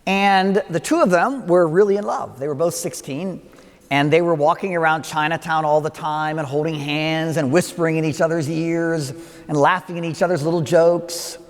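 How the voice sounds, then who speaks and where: An older man giving a wedding homily as a priest, telling a story with asides and gentle humor. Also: on the high side, normal speed. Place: church. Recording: long church reverb.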